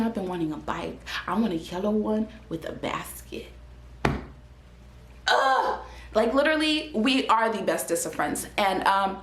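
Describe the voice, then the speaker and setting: Earnest young woman in a roomy space. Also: medium pitch. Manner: earnest and animated, with frequent fillers and restarts. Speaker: vlogger sharing a faith testimony. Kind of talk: casual spoken testimony. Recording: roomy echo.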